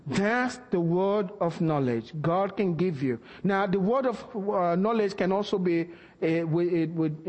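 A man preaching a sermon, telling a story and acting out the dialogue with lively energy. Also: sits high. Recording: long reverb of a large hall.

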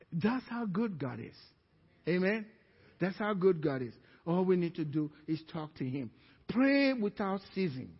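High husky pastor preaching a sermon. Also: male voice. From Africa. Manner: storytelling, acting out quoted voices with rising pitch. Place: church. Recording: dull reverberant church hall recording.

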